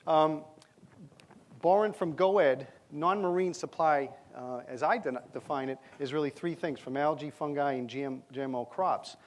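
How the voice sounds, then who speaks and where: A man with a fairly high voice speaks at a normal speed while presenting at a conference under bright stage lights. His talk is conversational and lightly humorous, with plenty of filler words.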